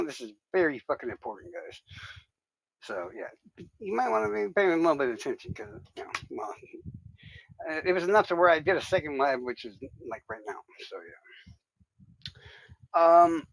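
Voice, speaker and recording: Southern US livestream host, casual true-crime rambler, foul-mouthed, mid pitch, dry mic. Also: vocal fry, a bit bright, no room sound, poor audio. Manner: profane, rambling, chatty. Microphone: desk mic on a livestream.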